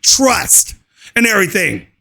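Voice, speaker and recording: A man ranting loudly and crudely in fired-up political commentary. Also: high-pitched, very animated, a little slow, gravelly. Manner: loud, fired up, drawling and crude.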